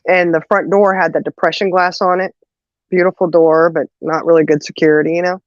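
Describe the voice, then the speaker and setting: A woman's voice: on the low side, brisk, no echo. Woman, casual storyteller, laughs a lot, acts out voices, dry close sound, slightly dull lo-fi. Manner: animated, laughs often, acts out quoted voices. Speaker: podcast co-host telling a story.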